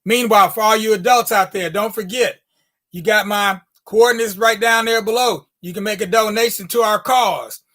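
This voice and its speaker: A male host wrapping up his show with playful, folksy banter, rhyming and repeating himself for fun. His voice is very high and bright. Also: normal speed. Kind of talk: casual sign-off.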